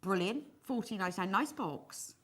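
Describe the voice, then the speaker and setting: A woman's voice: mid-range voice, animated, moderate pace, background noise. A woman from Bath presenting products on a live shopping channel, chatty and gushing, laughing often as she talks. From Bath, England. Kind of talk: live TV sales chat. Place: TV studio.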